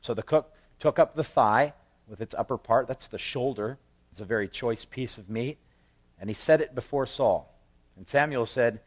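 A man preaching verse by verse through a Bible passage in a relaxed, conversational way, breaking into animated voices for the people he quotes and chuckling at his own asides. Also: mid-range voice, moderate pace. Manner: quotes scripture with lively acted voices. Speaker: pastor. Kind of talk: expository Bible teaching.

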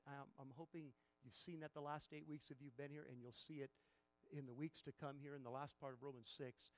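A man preaching a sermon as a pastor, emphatic, swinging from quiet passages to loud, stressed bursts. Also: mid-range voice, steady tone, brisk.

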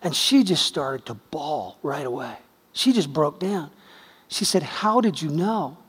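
A man preaches in a conversational, emphatic way, acting out the quotes in his stories. His voice sits high, and it rings with the long reverb of a big church hall. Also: sing-song, unhurried, a bit bright, slightly rough. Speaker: pastor. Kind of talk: sermon.

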